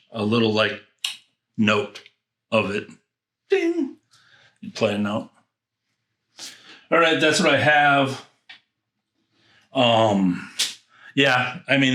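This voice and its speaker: A man's voice: fairly low pitch, bright, forceful tone, echoey room. A man reviewing fragrances in a casual unboxing, rambling and thinking aloud with frequent restarts.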